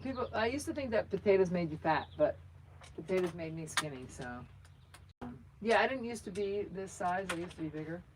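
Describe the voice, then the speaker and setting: A woman with a lowish voice hosts a casual live vlog, rambling and joking at her own expense. She speaks into a phone outdoors by her truck, with steady fan and vehicle noise clearly heard behind her. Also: fairly quick. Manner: rambling, chatty and self-joking. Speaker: channel host. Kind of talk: casual livestream chat. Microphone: phone camera.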